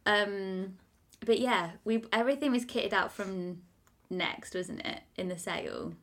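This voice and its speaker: A woman's voice: medium pitch, unhurried, fairly bright tone. Chatty, self-mocking woman. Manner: chatty, self-mocking storyteller, laughs often. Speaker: podcast co-host. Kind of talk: casual chat.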